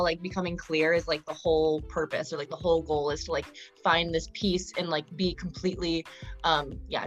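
A woman's voice: on the low side, a bit bright. A young woman co-hosting a podcast in casual, rambling chat, full of fillers and crude jokes. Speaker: podcast co-host.

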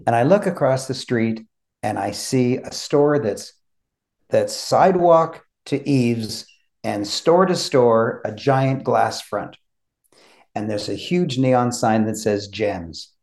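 A man hosting a podcast, telling a story in a measured, descriptive way. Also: mid-range voice, vocal fry, a little mellow. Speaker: podcast host. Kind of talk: conversational storytelling.

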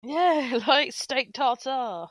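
A woman's voice: sits high, very slow, no echo, poor audio. A woman co-hosting a podcast in casual comedic chat, exaggerated and exasperated in her jokes. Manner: exaggerated, exasperated and jokey, with frequent laughter. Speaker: podcast co-host.

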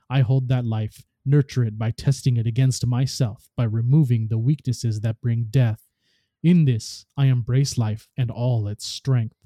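A man reading aloud as a ruthless, boastful female war god, in a slow, solemn recital. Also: mid-range voice, dark tone, no room sound, studio quality, natural voice.

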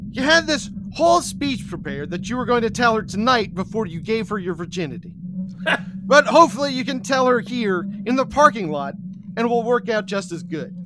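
A man telling a comic second-person story, deadpan and breaking into laughs. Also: very high-pitched. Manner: deadpan, slow, laughing through. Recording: recording with audible hiss.

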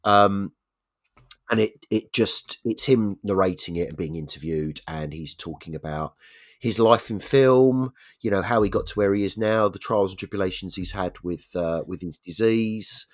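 Deep-ish guy chatting on a podcast, rambly. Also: moderate pace. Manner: rambling, many fillers and restarts. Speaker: podcast co-host. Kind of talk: casual chat.

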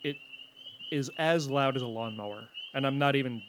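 A man's voice: mid-range voice, moderate pace, slight background noise. A man hosting a podcast, talking in an easygoing, affirming way. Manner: easygoing, affirming, wraps up with sponsor thanks. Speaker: podcast host. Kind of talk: casual chat.

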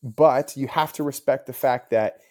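A young man co-hosting a casual podcast, calmly pushing back and arguing his point. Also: medium pitch, moderate pace. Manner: pushes back, argues calmly. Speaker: podcast co-host.

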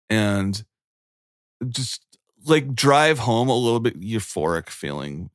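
A man's voice: medium pitch, lively intonation, measured pace, long pauses, no room sound, studio quality. A man in his forties talking in a casual, rambling, earnest way, full of "like" fillers. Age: 40s. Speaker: guest. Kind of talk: casual chat.

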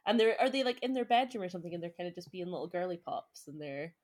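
Young woman on a podcast, lowish voice, chatty, laughs a lot, lots of "like". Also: expressive, fast, a little mellow. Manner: chatty, laughs often, trails off in filler words. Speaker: podcast co-host. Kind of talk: casual chat.

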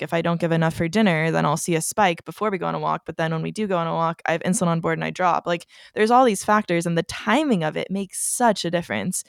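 A woman's voice: on the low side, gravelly, no room sound, clean studio sound. A young woman co-hosting a podcast, speaking in an earnest, reflective way and giving practical tips in casual conversation. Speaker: podcast co-host. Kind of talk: casual chat.

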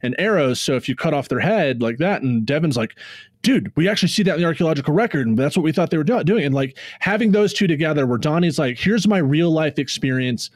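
A man, a graduate student and podcast co-host, telling a story in casual chat, excited and full of fillers. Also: a little high, quick pace, dry recording.

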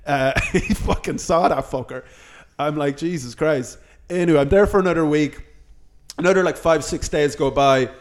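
A man with a notably high-pitched voice hosting a casual podcast. He tells his anecdote loosely, swears a lot and acts out what people said. Each of his lines carries a high, light pitch. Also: normal speed. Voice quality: swears freely, tells anecdotes with acted-out quotes. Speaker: podcast host. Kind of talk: casual storytelling chat.

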